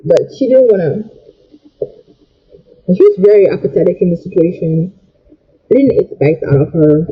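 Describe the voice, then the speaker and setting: A man's voice: sits high, lively intonation, moderate pace, pauses often, slightly rough, highs cut off. A young man telling a storytime rant in an agitated way, repeating and stumbling over his words. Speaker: vlogger.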